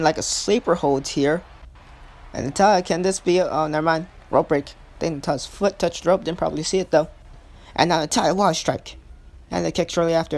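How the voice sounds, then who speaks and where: A man's voice: on the high side, creaky, a little mellow. A young man giving casual, self-correcting play-by-play commentary over his own game footage. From not British. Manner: hesitant, self-correcting, thinks aloud.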